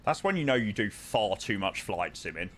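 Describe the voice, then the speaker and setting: A man's voice: fairly low pitch, big pitch swings, normal speed, a bit bright, slight background noise. A young man streaming a flight sim, chatting casually and joking with viewers. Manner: chatty and joking, sings along to music. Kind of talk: casual chat.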